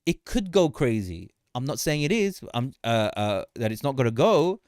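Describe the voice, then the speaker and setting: A man hosting a casual market commentary livestream, animated and joking, often repeating himself and laughing. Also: medium pitch, moderate pace, no echo, studio quality. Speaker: livestream host.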